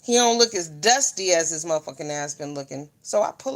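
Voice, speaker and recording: A woman hosting a casual livestream, telling stories loudly with lots of swearing and greeting viewers by name. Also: deep voice, brisk. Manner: loud, profane, animated storytelling, greets viewers mid-story. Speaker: livestream host.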